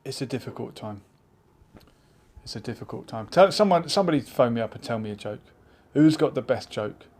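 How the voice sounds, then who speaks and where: A man hosting a live online chat show, musing out loud and reading viewers' comments aloud in a casual, thinking-aloud way. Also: mid-range voice, animated, a little fast. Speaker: livestream chat host.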